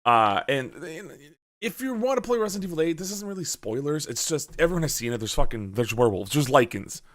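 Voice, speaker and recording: A man chatting on a podcast, telling a story in an animated way and acting out his own reactions, with a lot of swearing. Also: on the high side, a little fast. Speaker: podcast host. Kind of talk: casual podcast chat.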